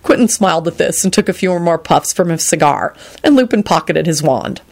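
A woman narrating a story aloud in expressive storytelling style. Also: fairly low pitch, fairly quick. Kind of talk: audiobook reading of fan fiction.

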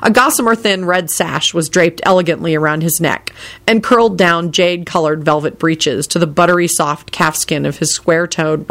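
A woman narrating a story in a measured, descriptive way. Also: sits low, fairly bright tone.

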